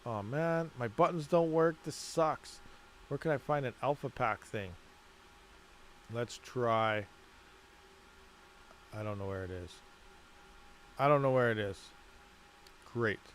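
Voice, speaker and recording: A man's voice: medium pitch, takes it slowly, pauses often, a little hiss or hum. A man hosting a livestream, rambling casually, laughing a lot and muttering while he fiddles with settings. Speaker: mining livestream host.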